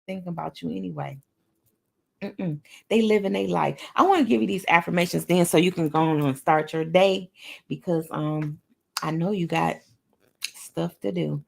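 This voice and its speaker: Her fairly low, creaky voice drives an affirmation session as a motivational talk show host. She speaks with emphasis, repeats each affirmation out loud, and adds playful sing-song bursts.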